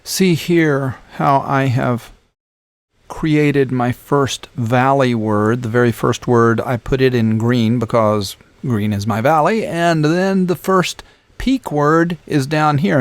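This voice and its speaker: A man teaching a screen-recorded lesson, explaining step by step in a measured way with frequent ums and uhs. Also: mid-range voice. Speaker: instructor.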